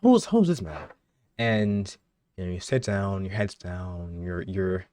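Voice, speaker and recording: A man's voice: sits low, takes it slowly, no echo, studio quality. A young man co-hosting a podcast, spinning a comic made-up story with lots of laughing and stumbling restarts. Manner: animated storyteller, laughing often, many restarts. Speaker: podcast co-host. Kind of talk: casual chat, spinning a comic made-up scenario.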